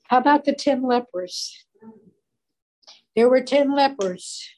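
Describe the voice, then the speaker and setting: Slow, mellow woman giving a sermon. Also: high voice, steady tone, rough recording. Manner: earnest, slow and deliberate, acts out quoted voices briefly. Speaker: Bible teacher. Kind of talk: sermon with retold Bible stories.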